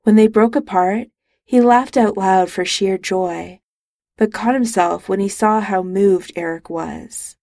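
A woman narrates a romance audiobook in a calm, even storytelling manner. Her voice is slow and gravelly with a slight fry, and the close studio mic keeps it dry. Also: medium pitch, dry recording.

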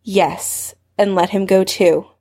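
A woman's voice: medium pitch, fairly even intonation, takes it slowly, warm tone. A woman voicing an adult wizard who speaks firmly and formally, in a story reading, close to her own voice. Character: firm adult wizard stepping in.

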